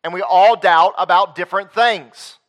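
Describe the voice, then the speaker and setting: A man preaching a sermon to his congregation, swinging between loud emphatic peaks and quiet low asides, and reading scripture aloud in old-fashioned wording. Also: normal speed. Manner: reads scripture aloud in King James wording.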